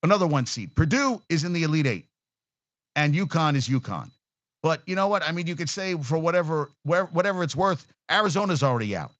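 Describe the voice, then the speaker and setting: A man's voice: on the high side, animated, fairly quick, fairly bright tone, dry recording, highs cut off. A man hosting a casual sports talk show, ranting bluntly and profanely with an exasperated edge.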